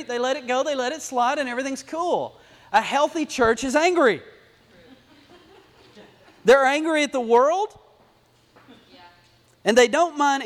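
A male pastor preaching a sermon, talking animatedly, repeating phrases and building to emphatic bursts. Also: extremely high pitch. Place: church sanctuary. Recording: long hall reverb.

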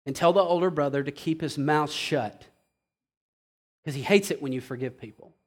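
A man preaching a sermon with passion, swinging from hushed asides to loud outbursts. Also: on the high side, normal speed. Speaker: pastor.

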